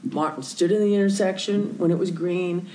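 A woman with a lowish voice relates a story at a moderate pace in a conversational tone, carrying a Christian message. Animated throughout, she acts out the characters' voices and occasionally whispers. It is a rough recording.

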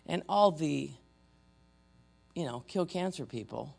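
A church trainer teaching spiritual warfare through stories, animated and joking at their own expense. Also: mid-range voice, takes it slowly, creaky. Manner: animated, acts out loud quoted voices.

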